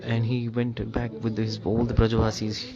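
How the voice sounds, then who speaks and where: Indian man translating a sermon, flat. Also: lowish voice, moderate pace. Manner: rephrases himself and asks the listeners rhetorical questions. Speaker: translator of a spiritual lecture. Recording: dull lo-fi recording with crowd behind.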